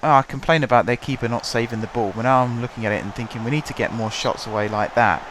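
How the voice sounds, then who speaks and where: A young man, hoarse from shouting, talks through his football management game in a chatty, wry play-by-play. His pitch sits in an ordinary middle range. A faint noise hums under the desk-mic recording. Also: fairly even intonation, fast talker. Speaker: gaming channel host. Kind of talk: casual let's-play commentary.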